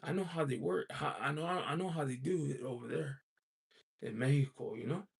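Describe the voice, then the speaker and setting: A man hosting a loose livestream chat, with a gravelly, creaky edge to his voice. His tone is husky rather than clean. He rambles along, peppering his talk with "you know" and little chuckles as he reads viewer comments. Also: fairly high pitch, moderate pace. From United States. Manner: chuckles often while talking.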